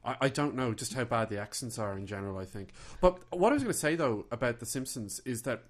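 Male co-host for a relaxed podcast, dry and teasing, cracking deadpan jokes. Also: medium pitch, fast. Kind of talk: casual commentary chat.

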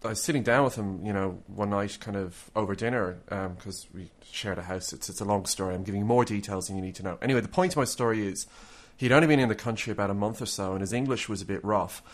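A man co-hosting a chatty podcast, his voice sitting a little low. He rambles, circling back with fillers and restarts as he talks. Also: fast talker, few pauses. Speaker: podcast co-host. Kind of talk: casual chat.

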